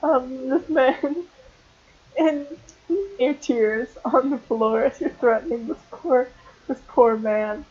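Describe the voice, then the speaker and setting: A woman's voice: high voice, slow pace, darkish tone, slightly rough, muffled recording. A young woman narrating as game master for a tabletop game, hesitant and full of ums and restarts.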